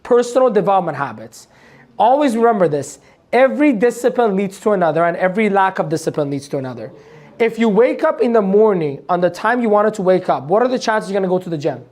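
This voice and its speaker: A man runs a live motivational training for an audience, speaking quickly in a high-pitched, animated, slightly mellow voice. He is blunt, swears casually, laughs at his own points and keeps throwing rhetorical questions at the room.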